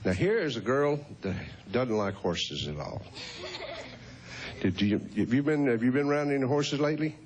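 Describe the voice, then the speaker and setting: A man's voice: mid-range voice, animated, normal speed, darkish tone. A man in his fifties hosting a show, chatting with children in a folksy, teasing way and chuckling often. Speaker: host. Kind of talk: casual chat with children.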